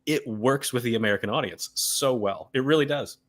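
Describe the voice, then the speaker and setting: A man's voice: medium pitch, fairly quick. A man chatting casually as a guest, telling an amused story. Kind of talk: casual chat.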